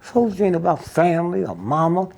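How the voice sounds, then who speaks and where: Older guy, real gravelly and husky, kinda high, blunt and swearing a lot. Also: sing-song, fairly quick, a little mellow. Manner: blunt and profane, often asks "huh?". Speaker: interview guest. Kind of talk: candid storytelling interview.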